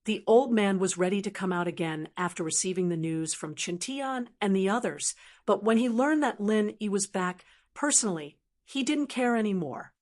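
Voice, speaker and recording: A woman narrating a translated fantasy novel as an audiobook in an even, steady storytelling manner. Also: mid-range voice, moderate pace, few pauses. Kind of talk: scripted narration.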